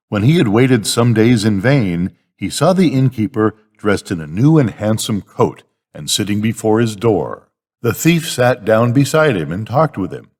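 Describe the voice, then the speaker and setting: Expressive older man reading bedtime fables. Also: lowish voice, big-room sound. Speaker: grandfather reading to a grandchild.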